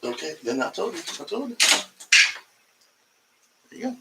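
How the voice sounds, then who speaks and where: A man's voice: high voice, big pitch swings, moderate pace, heavy background noise. A man doing a casual, rambling comedy livestream from home, profane and jumping between topics, talking to his cat along the way. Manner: talks to his cat mid-stream.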